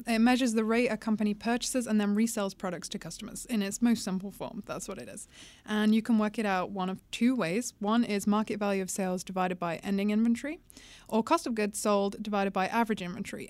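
A woman with a British accent, a podcast guest explaining a finance term clearly and briskly. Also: mid-range voice, darkish tone, no echo. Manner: brisk, explanatory, good-humored. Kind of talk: casual podcast chat.

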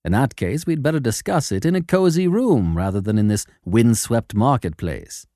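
A man voicing a cool, shrewd detective who speaks in a measured, quietly sardonic way in an audiobook. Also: medium pitch, animated, no room sound, studio quality, voice pushed down, close to an everyday voice. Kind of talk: audiobook character voice.

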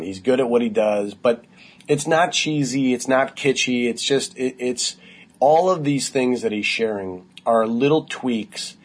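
Man, podcast host, husky voice, mid pitch, upbeat and encouraging. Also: darkish tone. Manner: upbeat, encouraging, sums up the guest's points. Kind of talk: podcast interview.

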